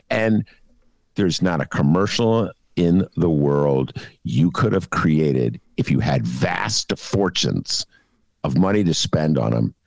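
A male podcast co-host giving sarcastic, scolding political commentary, jabbing at his target and dropping into low asides. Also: no room sound. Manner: sarcastic, scolding, swinging between loud jabs and low asides.

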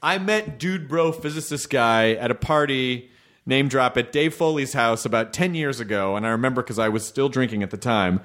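A man hosting a podcast in casual chat, rambling and joking, quick to laugh. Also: mid-range voice, a bit bright. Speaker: podcast host.

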